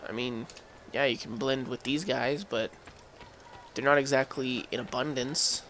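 Speaking unhurriedly in a steady, mid-range voice, a man plays a video game and keeps up casual, wandering commentary, chuckling and replying to what happens on screen. Loud game music runs beneath his voice, along with a bit of background noise.

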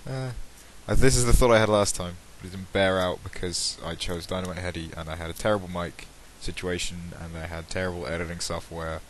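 A young English man with a Midlands accent, talking at home in a rambling, self-deprecating way full of ums. His voice sits very low. A light hiss runs under the home recording. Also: fairly even intonation, a little fast, hardly any pauses, rough recording. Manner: rambling, self-mocking, hesitant with many ums. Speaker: let's play channel host. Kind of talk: casual self-deprecating vlog intro.

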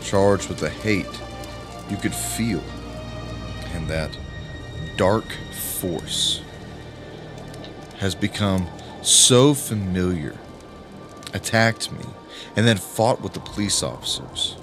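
A man narrating an audiobook in a grave, emphatic way with dramatic pauses. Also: deep voice, animated. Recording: music playing under the voice.

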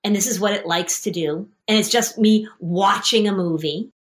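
Lively middle-aged woman coaching a family. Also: mid-range voice, moderate pace. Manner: lively storyteller, acts out scenes with voices. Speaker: anxiety therapist and podcast host. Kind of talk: coaching a parent and child in session.

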